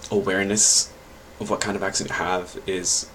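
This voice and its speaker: Low-voiced man, rambling and hesitant. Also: little pitch movement, normal speed, very noisy. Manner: rambling, hesitant, many fillers and restarts. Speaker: language learner giving tips. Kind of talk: casual vlog talk.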